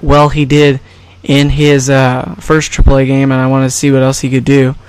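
A man's voice: mid-range voice, monotone, normal speed, a little mellow, clear, resonant tone, no echo. A man giving casual, rambling and jokey commentary over a baseball video game. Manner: rambling, jokey, self-correcting. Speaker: gaming YouTuber.

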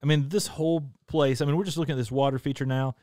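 Earnest man co-host, smooth clear voice. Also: fairly high pitch, steady tone, fast, darkish tone, no room sound, clean studio sound. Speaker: show co-host. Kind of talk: casual travel chat.

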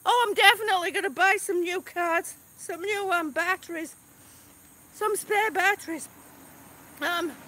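A woman vlogging outdoors while flying a drone, out of breath and excited, laughing often. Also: very high-pitched, normal speed. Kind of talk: casual live vlog.

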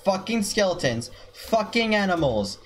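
A foul-mouthed gamer grumbles through a let's-play, cursing constantly and muttering at the animals on screen. The voice sits at a middling pitch. The recording is noisy, with keyboard clicks and typing underneath. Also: very animated, unhurried.

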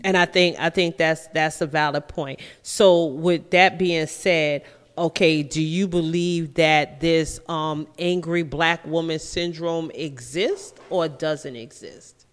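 A woman's voice: low voice, fairly even intonation, slow, clean tone. Emphatic woman radio host, reverberant. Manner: emphatic, repeats phrases, laughs easily. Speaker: radio talk show host. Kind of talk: call-in talk radio.

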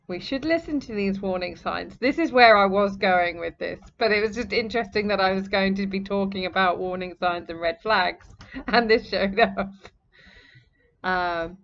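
A woman's voice: medium pitch, unhurried, highs cut off. A woman hosting a podcast, telling a story in a casual, chatty way and laughing often. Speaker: podcast host. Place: home near the sea, indoors.

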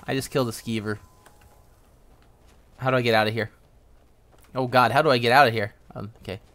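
A young man streaming a game, giving casual, joking commentary with excitable outbursts. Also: mid-range voice, fairly quick.

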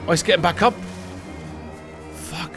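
Unhurried man commentating gameplay. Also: high-pitched. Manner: excitable, swears, hums tunes. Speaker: let's play host. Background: game music.

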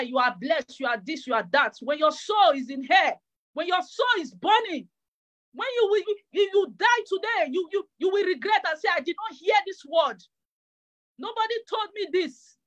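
Fervent high-voiced woman preacher. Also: a bit bright. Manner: fervent, repeats phrases, stammering restarts. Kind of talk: sermon.

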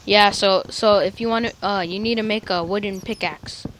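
A woman casually chatting while playing a game, playful and excitable, guiding a new player. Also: mid-range voice, moderate pace, a little hiss or hum, rough recording. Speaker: gameplay host. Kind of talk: casual gaming chat.

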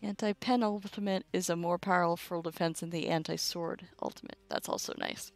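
A woman's voice: lowish voice, fairly even intonation, moderate pace. A young woman teaching a casual livestream Latin lesson, chatty and informal, with asides to her chat. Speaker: Latin tutor streaming a live lesson.

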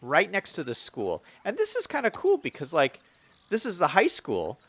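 A young man chats casually through a city-building livestream, reading viewer comments aloud. His voice sits a little high and his pitch swings animatedly. He is relaxed and talkative, full of fillers and restarts. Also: normal speed, background noise. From Western United States. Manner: chatty, lively, reads chat aloud with frequent fillers. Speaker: streamer.

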